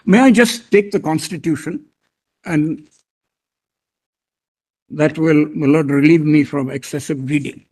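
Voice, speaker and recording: A man with an Indian English accent, a senior advocate making a deliberate, deferential legal argument before a court bench. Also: a little high, a little mellow. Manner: deliberate, deferential, repeats "my lord" often.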